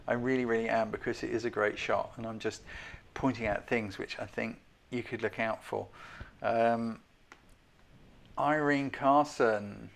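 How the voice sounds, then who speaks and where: Chatty male host judging photos on a live stream, self-deprecating, mid-pitched, keeps asking the audience. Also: gravelly, fairly bright tone. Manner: self-deprecating, hedging critic. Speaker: host giving photo feedback.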